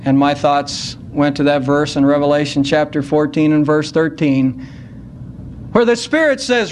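A man preaching a sermon at a church service, earnest and unhurried, slowing down to stress key words. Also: on the high side, darkish tone, a little hiss or hum. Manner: earnest, slows down to stress scripture.

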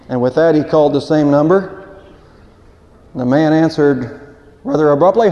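A man delivers a sermon in a high, mellow voice, earnest and plain-spoken, repeating a word here and there. The recording is dull and lo-fi, and a long reverb hangs in the church around him. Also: moderate pace, long pauses. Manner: earnest preaching with a folksy joke, some repeated words. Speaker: pastor. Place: church sanctuary.

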